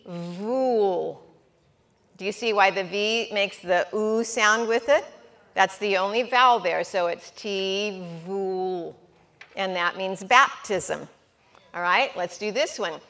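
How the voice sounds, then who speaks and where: A woman teaching a class at a board, slow and patient, coaxing her students with questions. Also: medium pitch, bright, forceful tone. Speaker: Hebrew teacher. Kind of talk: classroom lesson at a whiteboard.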